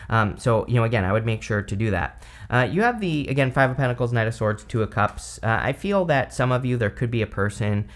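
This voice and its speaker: Man, tarot reader, casual rambling delivery, lots of ums and you-knows, mid-pitched voice, has the hiccups. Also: animated, a little fast. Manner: chatty, rambling, many fillers.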